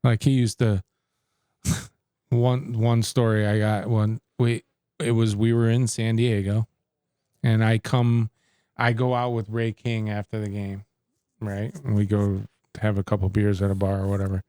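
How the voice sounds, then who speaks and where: Low-voiced man telling stories. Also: measured pace, clear, resonant tone, no room sound, clean studio sound. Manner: animated storyteller who acts out quoted exchanges. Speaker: interview guest, former baseball pitcher. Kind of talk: casual storytelling interview.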